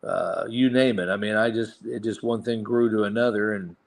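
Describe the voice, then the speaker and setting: A man's voice: lowish voice, steady tone, moderate pace, gravelly. A middle-aged man, a voice actor guest, telling long casual anecdotes with many restarts and asides. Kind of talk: casual storytelling interview.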